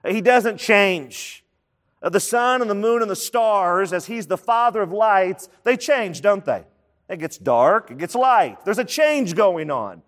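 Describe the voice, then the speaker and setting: A man with a high voice delivers a sermon from the pulpit. He is emphatic and repeats each key point so listeners can take notes. His words ring out with a long reverb, as in a large hall. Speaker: pastor.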